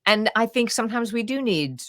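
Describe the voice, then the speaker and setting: An older woman, a grandmother and audiobook narrator, talking in a podcast interview with an expressive storytelling manner that acts out the things people say. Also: on the high side, a little fast, dry recording, studio quality. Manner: expressive, animated storytelling with acted-out quotes. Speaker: guest author and audiobook narrator.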